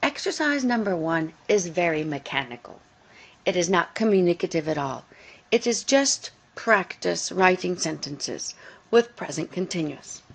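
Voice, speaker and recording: A woman teaching English grammar in a recorded lesson, speaking deliberately and repeating key words for emphasis. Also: lowish voice, gravelly.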